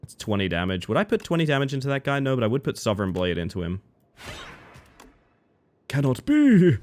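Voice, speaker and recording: Animated male streamer, low voice. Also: racing. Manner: animated, talks to chat while playing, jokey mock-dramatic outbursts. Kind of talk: casual gameplay commentary.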